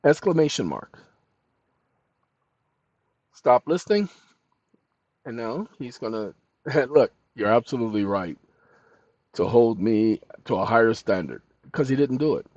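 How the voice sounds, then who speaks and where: A man's voice: mid-range voice, lively intonation, moderate pace, darkish tone, dry recording. A man hosting a tutorial, dictating prompts aloud with spoken punctuation between loose, chatty asides. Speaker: channel host. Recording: dull lo-fi recording.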